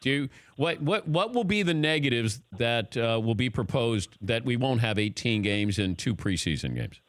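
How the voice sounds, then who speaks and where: A man hosting a sports radio show in a studio, playful and quick to laugh. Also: medium pitch, lively intonation, dry recording. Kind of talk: casual sports talk radio. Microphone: studio microphone.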